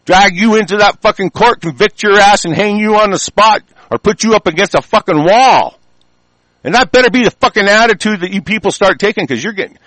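A man's voice: high-pitched, a bit bright, dry recording. A man delivering an angry, heated monologue full of profanity and stumbling restarts.

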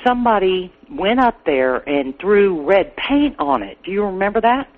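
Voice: mid-range voice, expressive, normal speed. A caller chatting with a show host, talking casually, with many hesitations and fillers. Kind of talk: casual call-in chat. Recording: tinny phone line.

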